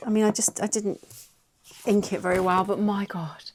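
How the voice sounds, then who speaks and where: A middle-aged woman with an English accent talks in a casual, chatty vlog. She is excitable and gushing, with a voice of ordinary pitch. A faint noise sits behind her. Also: moderate pace. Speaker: vlogger.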